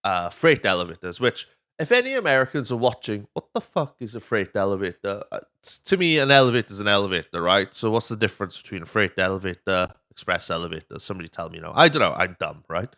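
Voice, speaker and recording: A man's voice: fairly low pitch, very animated, fast, few pauses, bright, forceful tone. A Welsh man hosting a podcast, chatting casually through a movie recap, swearing freely and drifting off on tangents. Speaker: podcast host.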